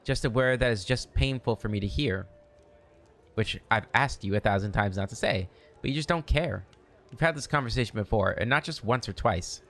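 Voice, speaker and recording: A man reading aloud as a hurt, proud female half-elf companion, using his own low voice. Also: moderate pace, fairly bright tone. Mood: reproachful.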